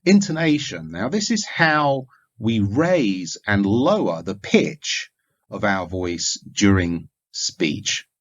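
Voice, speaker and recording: A man giving a recorded lecture, explaining points in a measured way with occasional fillers. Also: on the low side, very animated. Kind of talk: recorded lecture on communication skills. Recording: dull lo-fi recording.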